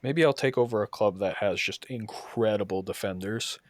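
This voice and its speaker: A man's voice: on the low side, moderate pace, no echo, clean studio sound. A man hosting a podcast, telling heated stories full of swearing about coaching. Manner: profane, heated storytelling. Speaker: podcast host and soccer coach. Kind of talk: casual podcast chat.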